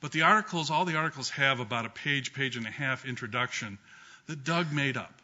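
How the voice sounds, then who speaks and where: Bright-voiced man telling a funny memorial story. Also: mid-range voice, a little fast. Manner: humorous storytelling with frequent ums and restarts. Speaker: law professor giving memorial remarks. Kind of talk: anecdotal speech at a memorial gathering. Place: law school courtroom with an audience. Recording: dull lo-fi recording.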